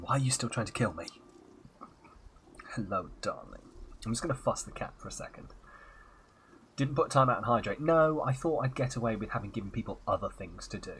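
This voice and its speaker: A man's voice: medium pitch, a little hiss or hum. A man chatting casually while live-streaming a game, self-mocking and muttering asides into a headset.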